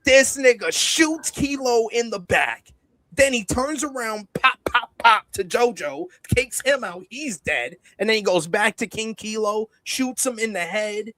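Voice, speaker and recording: A man co-hosting a TV review show, recapping an episode in a casual, animated way and acting out the characters' lines. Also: high-pitched, a little slow, no room sound.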